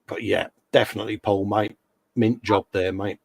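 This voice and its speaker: A man's voice: on the low side, steady tone, moderate pace, gravelly, breathy edge, dry recording. A man hosting a casual model-building chat, joking in slang and putting on silly voices. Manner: jokey banter, slang, puts on funny voices. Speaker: host. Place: hobby workshop bench.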